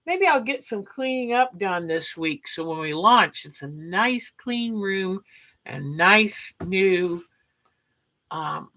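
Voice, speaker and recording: A woman's voice: medium pitch, low-quality recording. A woman hosting a quilting livestream, chatting casually with viewers and greeting them by name. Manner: chatty, warm sign-offs, talks to viewers by name.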